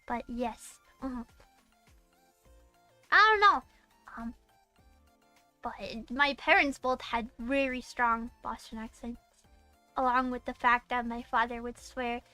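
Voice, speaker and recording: A woman's voice: sits high, pushed and bright, no room sound. A young woman from Massachusetts, a VTuber streamer, chatting casually on a live stream. She rambles and giggles often, with lots of fillers and restarts.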